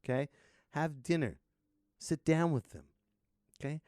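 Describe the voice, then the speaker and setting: A man hosting a podcast in a sarcastic, rambling comic rant that swings from low mutters to loud outbursts. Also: unhurried, no echo, clean studio sound. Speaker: podcast host.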